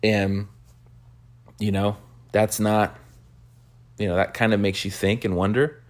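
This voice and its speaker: A man preaching a sermon, telling a story with animated quoted bursts and soft hushed reflective asides. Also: measured pace. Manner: animated storyteller, acts out quotes with sudden high-pitched bursts. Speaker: pastor.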